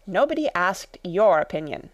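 A woman voicing a curious, polite young girl who is earnest and quick to take offence, in a storybook reading. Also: lowish voice, very animated, dry recording, lo-fi sound. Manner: earnest, easily offended, then humble.

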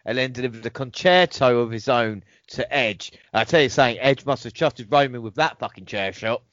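A man's voice: medium pitch, fairly quick, a bit bright, no room sound, muffled recording. A man hosting a podcast, reading out match results and reacting with laughs and swearing. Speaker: podcast host. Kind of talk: casual wrestling recap chat.

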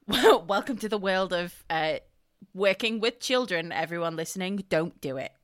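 A woman's voice: on the low side, lively intonation, normal speed. A young woman co-hosting a casual podcast chat, laughing often and swearing freely as she tells stories. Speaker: podcast co-host.

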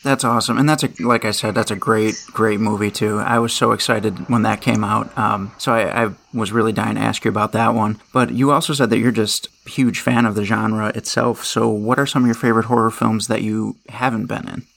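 A man's voice: lowish voice, steady tone, a little fast, vocal fry, hardly any pauses, fairly bright tone. A man hosting an interview, asking questions as an enthusiastic fan, with hesitant restarts. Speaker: interviewer, podcast host.

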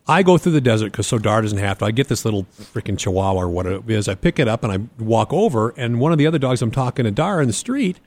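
A fairly low-pitched male voice moves at a quick clip with few pauses, recorded dry. He's one of a podcast's co-hosts, chatting casually and telling a story where he animatedly imitates the people in it.

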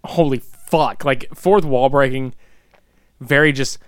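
A man's voice: medium pitch, slow, clean tone, no echo, studio quality. A man casually recapping a bad movie, exasperated, swearing and groaning a lot. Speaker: co-host reviewing a film.

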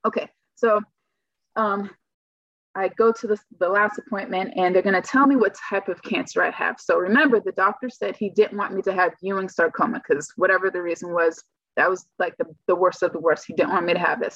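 A woman's voice: on the low side, steady tone, brisk, fairly bright tone, no room sound. A young woman talking through her own experience in a casual, chatty interview. She keeps acting out her own reactions as she tells it. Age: young adult. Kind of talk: casual personal storytelling. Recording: dull lo-fi dry recording.

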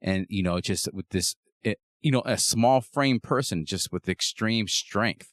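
A man hosting an interview, chatting casually with street slang and halting restarts. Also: on the low side, a bit bright, dry recording, studio quality. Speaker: podcast host.

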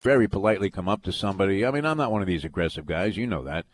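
Low-voiced rambling sports radio host. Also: male voice, lively intonation, rapid-fire, loud music behind the voice. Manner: rambling anecdotes with many fillers and restarts. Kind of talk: casual storytelling on sports radio.

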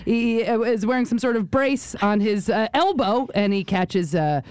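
A woman co-hosting a casual sports chat, animated and rambling, often laughing. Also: a little high, moderate pace, background noise. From Rhode Island, US. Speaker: podcast co-host.

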